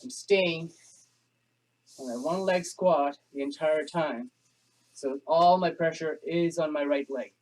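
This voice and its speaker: A man's voice: a little high, takes it slowly, a little mellow. Panting, chatty male fitness instructor. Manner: chatty, jokes and laughs through the effort. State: panting from exercise. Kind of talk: home workout class instruction.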